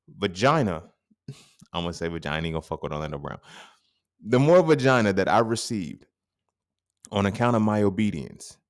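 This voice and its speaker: A man in his thirties hosting a podcast, talking in a casual, profane monologue that swings into sudden loud outbursts. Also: fairly low pitch. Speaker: podcast host.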